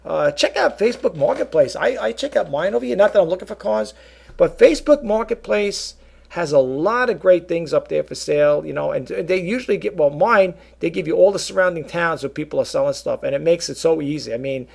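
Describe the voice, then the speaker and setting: A man's voice: a little high, animated, a little fast, vocal fry, a little mellow, breathy edge. A middle-aged man rambling casually to his viewers, full of fillers and asides, calling them folks. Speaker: vlogger and eBay reseller. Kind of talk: casual rambling talk to camera.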